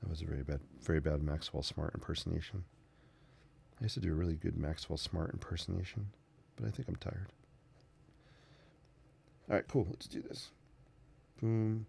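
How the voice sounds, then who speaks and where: A man's voice: low-pitched, normal speed, gravelly, long pauses, darkish tone, breathy edge. A man hosting his own sketching channel, chatting casually and thinking aloud as he draws. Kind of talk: casual narration while sketching.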